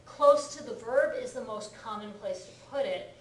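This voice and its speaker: In an echoey classroom, heard from a distance with slight background noise, a Japanese teacher leads a grammar lesson. Her fairly high voice moves at normal speed, and she patiently checks on the class with frequent "right?" and "okay?".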